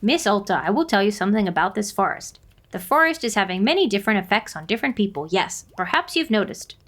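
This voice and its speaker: A woman voicing a calm, wise forest dweller who speaks in a measured, formal way. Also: mid-range voice. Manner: measured, formal, odd phrasing.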